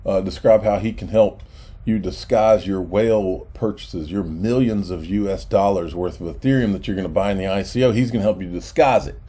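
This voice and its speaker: A man's voice: sits low, a little fast, warm tone, slightly rough. A man hosting a crypto channel, talking casually and sarcastically to viewers, indignant and often restarting his sentences.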